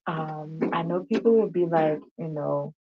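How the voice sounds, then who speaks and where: A woman's voice: low voice, unhurried, background noise. A woman hosting a casual talk show, chatting to listeners and posing rhetorical questions. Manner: conversational, asks rhetorical questions, addresses audience as y'all. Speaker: host. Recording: dull lo-fi sound.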